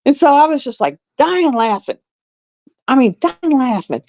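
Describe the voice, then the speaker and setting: A middle-aged woman hosting a live stream in casual chat, blunt and repetitive, often quoting herself in an even higher voice. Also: normal speed. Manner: chatty, blunt, drawling, repeats herself. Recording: dry, dull lo-fi sound.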